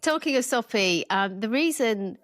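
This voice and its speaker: A woman's voice: a little high, lively intonation, moderate pace, no echo. A woman hosting a podcast and speaking in an effusive, gushing way. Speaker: podcast host. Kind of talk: casual podcast chat.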